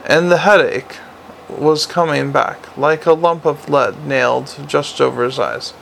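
A man's voice: fairly high pitch, a little slow, creaky, fairly bright tone, slight background noise. A man narrating a fantasy story aloud, often stumbling and restarting words. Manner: reads with frequent slips and restarts. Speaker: audiobook narrator. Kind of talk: audiobook narration.

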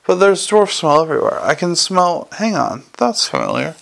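A man's voice: a little high, big pitch swings, moderate pace, gravelly, a bit bright, heavily acted. A man voicing a wry, blunt female watch officer thinking aloud.

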